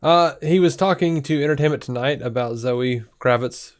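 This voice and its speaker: A man's voice: mid-range voice, moderate pace. A man co-hosting a podcast, reading out news quotes and chatting casually about them. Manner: reads out news quotes, then chats. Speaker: podcast co-host.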